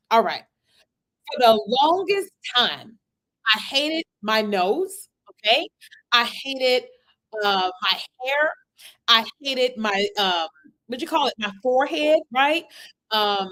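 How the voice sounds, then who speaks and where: Itchy from an allergy, this content-creation coach keeps her livestream animated and chatty, frequently asking the audience to respond with plenty of "right?" and "okay?". Her fairly high voice comes through a computer webcam in a rough recording.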